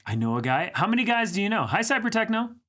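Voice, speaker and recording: A high, fairly bright male voice swings widely in pitch and moves quickly as he hosts a livestream. He keeps up casual banter, greeting viewers and teasing them while reading their comments aloud.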